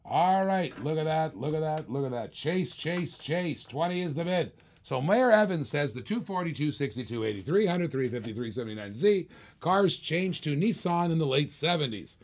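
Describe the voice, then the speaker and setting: A man's voice: fairly high pitch, expressive, normal speed. An older man hosting a live-stream toy car auction, chatty and enthusiastic, repeating himself as he shows each car. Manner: enthusiastic, chatty, repeats lines while showing cars.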